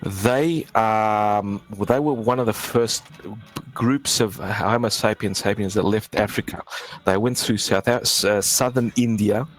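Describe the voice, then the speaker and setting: A man's voice: fairly low pitch, measured pace, low-quality recording. A man talking casually in a group discussion, rambling and stumbling over his words.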